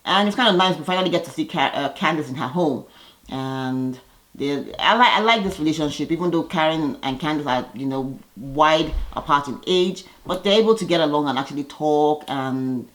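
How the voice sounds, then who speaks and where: A woman vlogger giving a chatty, opinionated recap of a reality TV episode, with lively jumps in her voice. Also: normal speed, low-quality recording. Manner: lively, gossipy, opinionated with sudden pitch jumps.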